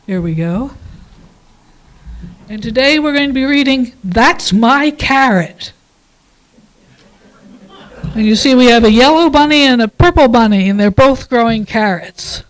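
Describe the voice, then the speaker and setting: A woman leading a church service, reading a passage aloud and then telling a children's story in a calm, measured way. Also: high voice, low-quality recording. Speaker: worship leader.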